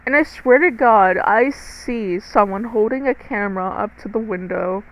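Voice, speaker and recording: A woman's voice: mid-range voice, normal speed, poor audio. A teenage girl narrating a storytime to viewers, chatty and dramatic, swearing freely and talking straight to the audience. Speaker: storytime vlogger.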